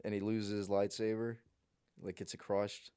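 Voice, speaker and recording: Laughing young man, low voice. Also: little pitch movement, moderate pace, dark tone, smooth. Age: young adult. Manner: crude joking, laughs a lot. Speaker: podcast co-host. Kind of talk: casual chat.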